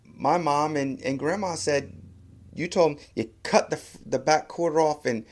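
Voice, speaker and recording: A man's voice: fairly high pitch, moderate pace, voice pushed up, natural voice. Man doing a puzzled young newlywed.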